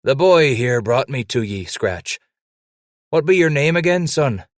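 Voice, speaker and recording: A man voicing an old white-bearded mountain man who speaks in a loud, cheerful, folksy frontier drawl and quotes scripture. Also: lively intonation, a little slow, dry recording, clean studio sound, lightly acted. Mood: jovial. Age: older. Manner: booming folksy frontier drawl, Bible-quoting.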